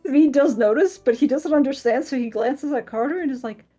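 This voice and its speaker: A woman's voice: high-pitched, a little fast, mellow, soft background music. A woman running a tabletop game as game master, narrating with lots of giggling.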